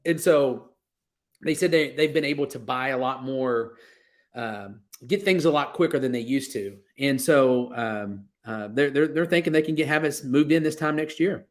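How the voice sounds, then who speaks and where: A man's voice: medium pitch, moderate pace. Laid-back joking brewer man. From Texas. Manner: laid-back, joking, talks through fillers and restarts. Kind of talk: casual interview on a livestream.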